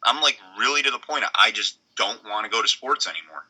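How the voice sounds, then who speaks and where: Podcast co-host, middle-aged man, very bright tone, blunt and rambly. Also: on the low side, lively intonation, slightly rough, low-quality recording. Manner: rambling, blunt, halting restarts. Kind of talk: casual chat.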